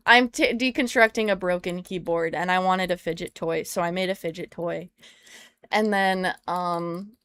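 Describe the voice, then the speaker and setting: A woman's voice: lowish voice, normal speed, fairly bright tone, smooth, no echo. A young American woman chatting casually on a live stream, playful and rambling as she talks to her viewers while tinkering. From United States.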